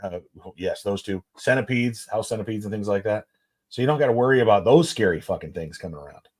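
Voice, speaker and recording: A man with a somewhat low voice rambles through easygoing, profane stories on a podcast. He talks in a relaxed way. He is recording in a basement. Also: fast talker. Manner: rambling, profane, laid-back storyteller. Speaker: podcast co-host. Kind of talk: casual chat.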